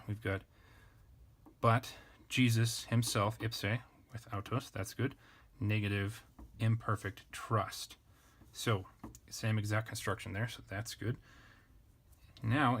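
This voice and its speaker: A man teaching an unscripted grammar lesson, thinking aloud and correcting himself in a relaxed way. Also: on the low side. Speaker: language teacher. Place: indoors at a desk with a camera.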